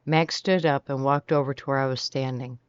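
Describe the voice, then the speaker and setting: Audiobook narrator, mid pitch, even delivery, dry dull recording. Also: fairly quick, clean tone, dry recording. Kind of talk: first-person novel reading. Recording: dry, slightly muffled sound.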